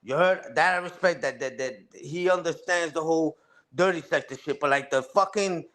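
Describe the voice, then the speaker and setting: A man's voice: a little high, normal speed, fairly bright tone. A young man ranting on a casual livestream, trash-talking other streamers in a profane, repetitive way, often tagging lines with "you heard?" and "respectfully". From Puerto Rican family on mother's side. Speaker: live streamer.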